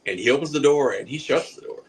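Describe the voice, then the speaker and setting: A man's voice: mid-range voice, quick pace, a little hiss or hum, rough recording. A man in his forties telling a rambling, profane comic story on a podcast, laughing at his own jokes. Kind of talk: casual comic anecdote.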